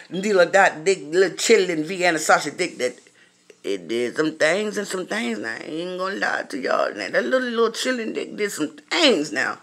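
A woman vlogger giving her viewers a blunt, profane rant. Her voice is bright and forceful, pressing hard on her points. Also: medium pitch. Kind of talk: casual monologue to viewers.

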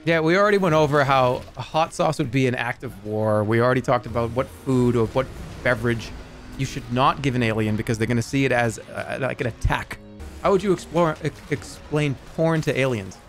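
A man's voice: mid-range voice, brisk, faint music behind. Rambling jokey streamer man. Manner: rambling, jokey, trails off into mumbled asides. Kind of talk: casual live-stream chat.

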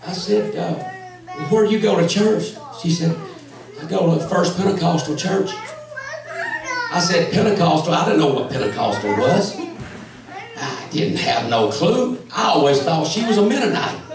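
A man's voice: sits high, normal speed, a crowd in the background. Male evangelist, storytelling sermon, folksy and comic, recorded from far off in an echoey hall with the congregation audible. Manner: humorous, folksy, animated storyteller who acts out quoted voices. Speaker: evangelist preacher. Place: large church sanctuary with congregation.

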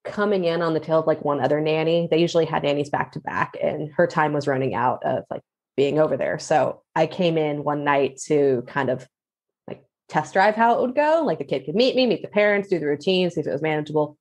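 A woman guest on a podcast, telling relaxed, conversational anecdotes. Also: low voice, a little fast. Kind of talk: casual chat.

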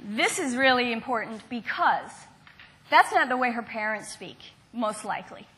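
High-pitched woman lecturer from the southern US, engaging, quizzes the room. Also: lively intonation, normal speed, sharp tone. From Southern United States. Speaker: university lecturer. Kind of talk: university lecture.

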